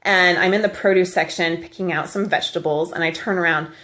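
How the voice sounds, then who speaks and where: A woman's voice: lowish voice, steady tone, fairly quick, a bit bright. Chatty woman telling funny stories. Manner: chatty, laughs often. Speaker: vlogger. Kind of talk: casual storytelling. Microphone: handheld camera.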